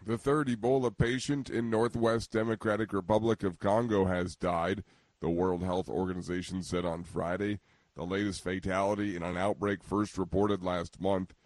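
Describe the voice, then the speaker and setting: A man reading a radio news bulletin as the anchor, in a measured, even delivery. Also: sits low, no echo.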